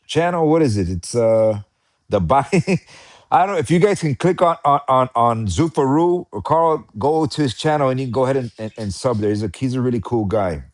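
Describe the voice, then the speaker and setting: A man with an American accent chatting casually about boxing, excitable and rambling, often repeating himself. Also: medium pitch. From United States. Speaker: boxing commentator. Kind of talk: casual live chat.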